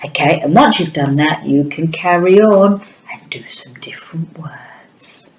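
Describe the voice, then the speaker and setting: A woman teaching phonics to young children, speaking very slowly and warmly encouraging. Her voice sits a little low, and the room around her is echoey. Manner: slow, encouraging, sounds words out.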